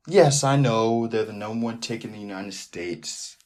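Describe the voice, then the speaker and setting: Guy doing a solo sports podcast, chatty and rambly, jumps between tangents, mid pitch. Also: moderate pace, few pauses. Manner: rambling, animated, riffs off on tangents. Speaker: podcast host. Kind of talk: casual sports podcast monologue.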